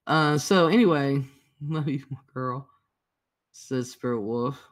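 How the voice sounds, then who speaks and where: A man's voice: mid-range voice, slow pace. Male livestream host, casual and rambling, reads out viewer comments. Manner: reads out viewer comments, greets chatters by name; laid-back, profane, rambling. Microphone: headphones and computer mic.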